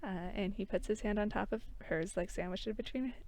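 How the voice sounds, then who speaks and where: A woman narrating her character in a casual tabletop role-play, animated and laughing often. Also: mid-range voice, brisk.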